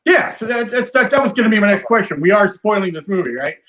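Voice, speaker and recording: A man's voice: high voice, lively intonation, fast talker, a bit bright, highs cut off. A man in a casual chat, speaking hesitantly with many fillers and asking the others questions. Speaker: podcast co-host.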